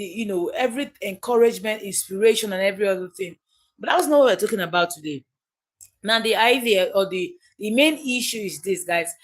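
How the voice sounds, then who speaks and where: A Nigerian woman hosting a casual livestream, chatty and emphatic, often repeating her key phrases. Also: medium pitch. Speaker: livestream host.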